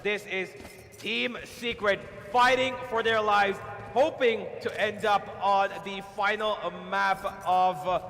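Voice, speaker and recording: A man's voice: high voice, steady tone, takes it slowly, a bit bright. Hyped-up esports play-by-play man. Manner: hype build-ups, bantering. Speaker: esports caster. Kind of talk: play-by-play commentary. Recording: hall reverb with clear noise.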